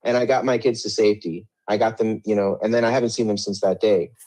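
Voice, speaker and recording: A man's voice: fairly low pitch, steady tone, quick pace, darkish tone. A middle-aged man telling his story in an interview, rambling with many restarts and a defensive edge.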